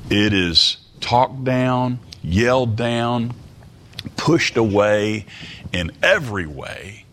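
A middle-aged man preaching a sermon, slow and deliberate, repeating words for emphasis and asking the congregation rhetorical questions. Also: mid-range voice, sharp tone.

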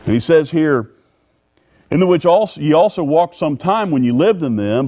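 A man's voice: expressive, moderate pace, dark tone. Folksy preaching man. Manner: folksy, repeats words, rises in pitch on scripture. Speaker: pastor. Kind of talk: sermon.

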